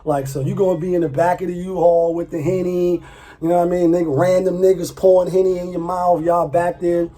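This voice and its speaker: Man, high voice, husky tone, casual profane vlog rant. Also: flat delivery, fairly quick, dark tone. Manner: loose, profane, repeats himself, laughs often. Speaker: vlogger. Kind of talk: casual commentary.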